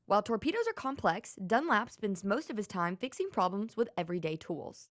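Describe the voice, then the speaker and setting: Woman reporter doing news voice-over, steady and clear, mid pitch. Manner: measured, clear voice-over delivery. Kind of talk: scripted news narration.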